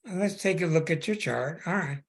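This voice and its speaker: A male astrologer host reads a caller's chart with a husky, slightly rough voice. His pitch swings widely as he hammers home his points. He is plain-spoken and repeats himself for emphasis. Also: expressive, moderate pace. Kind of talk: call-in astrology chart reading.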